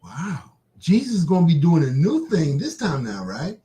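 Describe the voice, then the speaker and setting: A man's voice: on the high side, wildly swooping pitch, normal speed, warm tone, low-quality recording. A man hosting a casual live stream. He chats loosely with his viewers, laughs often and reads Bible passages aloud. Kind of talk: casual chat and Bible reading.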